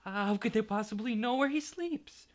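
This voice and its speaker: A man voicing a frightened, fretful aunt with a quivering, shrill voice in a storybook reading. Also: moderate pace, natural voice. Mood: panicked. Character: high-strung frightened aunt, shrill woman.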